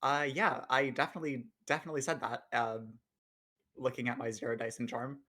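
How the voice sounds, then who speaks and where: Guy playing a tabletop game, bright tense voice, cracks jokes as he goes. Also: mid-range voice, fairly even intonation, a little fast. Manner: joking, describing his character's actions. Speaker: player. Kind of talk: casual tabletop play.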